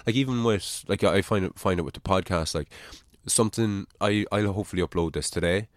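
A man's voice: deep voice, brisk, no room sound, studio quality. A man with an Irish accent hosting a casual podcast, probing his guest with chatty questions and casual swearing. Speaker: podcast host.

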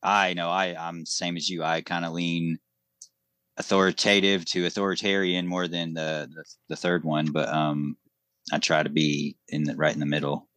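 Low-voiced man telling a parenting anecdote. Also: level tone, moderate pace, a bit bright, no echo. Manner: anecdotal, easygoing storytelling. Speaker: podcast co-host. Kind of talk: casual podcast discussion.

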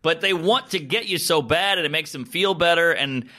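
A man from the United States chats on a podcast with a bright, forceful, somewhat high voice. He tells stories with animation, jumps into quoted voices and swears a lot. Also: normal speed. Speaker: stand-up comedian, podcast guest. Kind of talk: casual podcast chat.

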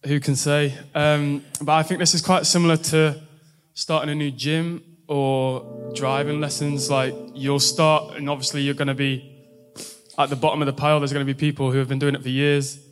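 A man, a university student sharing an earnest church testimony with many pauses. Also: a little high, smooth, soft background music. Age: 20s. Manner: steady, earnest, with frequent fillers.

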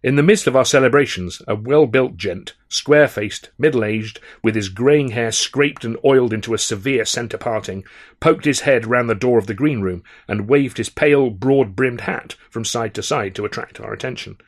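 A man with an English accent reading his own novel aloud as first-person audiobook narration. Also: medium pitch. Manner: measured first-person storytelling.

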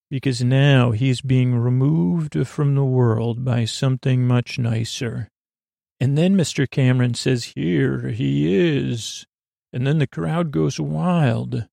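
Man, bedtime story narrator, slow and meandering, gravelly voice, dry close sound. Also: mid-range voice, darkish tone, no echo. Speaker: podcast host, storyteller.

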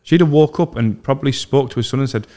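A young man hosting a casual podcast, telling animated stories and mimicking voices. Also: mid-range voice, fast. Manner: animated storyteller, mimics voices in his anecdotes. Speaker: podcast host. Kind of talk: casual chat, storytelling.

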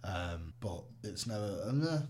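A man co-hosting a comedy podcast in casual chat, swearing often and jumping between quiet asides and loud bursts. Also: sits low, animated, unhurried. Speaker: podcast co-host.

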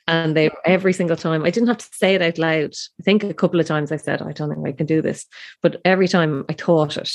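A woman's voice: low voice, darkish tone. A woman in her thirties casually telling her birth story, chatty and emotional, with many fillers and restarts.

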